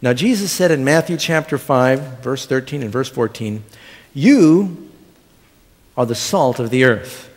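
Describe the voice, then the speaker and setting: A man's voice: mid-range voice, expressive, unhurried. Man preaching a sermon in a reverberant church. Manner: storytelling with humor and audience questions. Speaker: pastor. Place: church sanctuary. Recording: long church hall reverb.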